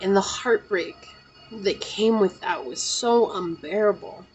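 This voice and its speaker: A woman's voice: mid-range voice, takes it slowly, darkish tone, lo-fi sound, faint music behind. A woman host talking earnestly and emotionally to her viewers, near tears at times, repeating phrases and often saying "you know". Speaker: tarot channel host. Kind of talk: personal heartfelt talk to viewers.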